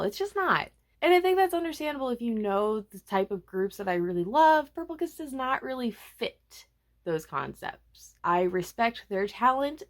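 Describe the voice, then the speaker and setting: A young woman vlogger chatting casually about music releases, animated and self-mocking, with frequent asides. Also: mid-range voice. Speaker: K-pop vlogger. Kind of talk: casual chatty album review.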